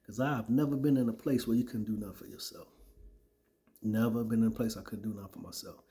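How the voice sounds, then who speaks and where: Male, casual testimony-style storyteller, lowish mellow voice, conversational. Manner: conversational, repeats "right?" and "man". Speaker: former soldier sharing his testimony.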